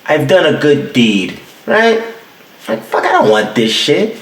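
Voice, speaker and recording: This young adult man hosts his podcast from a home room with the heat off, his voice sitting on the high side, unhurried and gravelly, with a roomy sound. He rants casually and profanely on his own, telling animated stories and acting out quotes.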